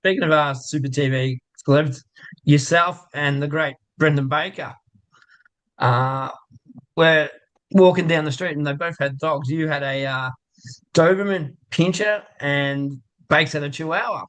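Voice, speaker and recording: A man co-hosting a local football show, chatty and relaxed, spinning drawn-out jokes and banter. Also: on the high side. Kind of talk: casual banter and joke telling.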